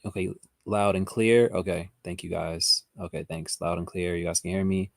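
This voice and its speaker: A man's voice: sits low, fairly even intonation, normal speed, vocal fry, no echo, studio quality. A man hosting a live trading lesson. He chats casually with viewers and reads their chat comments aloud. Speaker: trading educator hosting a livestream. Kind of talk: casual livestream teaching, answering chat.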